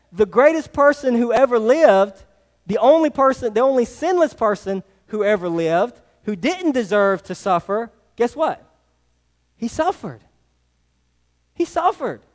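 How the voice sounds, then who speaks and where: A man preaching a sermon as a pastor, emphatic, repeating his phrases and putting rhetorical questions to the congregation. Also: very high voice. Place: church sanctuary. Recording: long reverb of a church hall.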